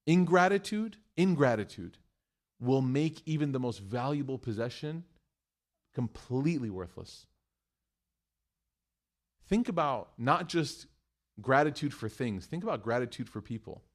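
A middle-aged man giving a religious talk, telling a family story in an animated way, acting out quotes and using Arabic phrases. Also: mid-range voice, measured pace, long pauses. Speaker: Muslim speaker.

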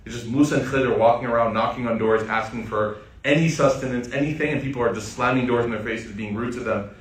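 A man's voice: mid-range voice, quick pace. Man telling a story in a roomy hall. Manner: casual, animated retelling that addresses the audience directly. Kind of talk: storytelling sermon. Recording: roomy sound from a distant mic.

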